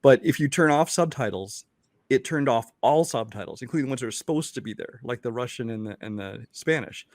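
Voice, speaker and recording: A man's voice: medium pitch, lively intonation, dry recording, clean studio sound. A man co-hosting a movie review podcast, chatting casually and often restarting and correcting himself mid-sentence. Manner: quick, with many restarts and self-corrections. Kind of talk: casual chat.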